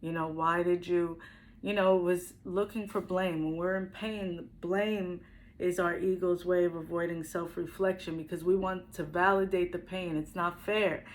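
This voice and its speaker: A woman's voice: on the low side, flat delivery, moderate pace, a little hiss or hum, poor audio. A middle-aged woman, a spiritual healer, telling her own story to the camera earnestly and reflectively, often repeating her phrases. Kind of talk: personal testimony to camera.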